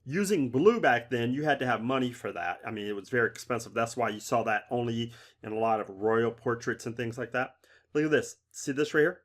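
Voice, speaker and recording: A middle-aged man giving a casual art lesson on color, talking conversationally and often checking in with "right?". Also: mid-range voice. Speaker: art instructor.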